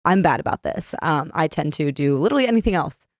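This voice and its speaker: A woman's voice: low-pitched, expressive, fast, dry recording, clean studio sound. A woman in her thirties co-hosting a podcast, chatty and self-mocking, acting out her inner voice in quotes. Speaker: podcast co-host. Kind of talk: casual chat.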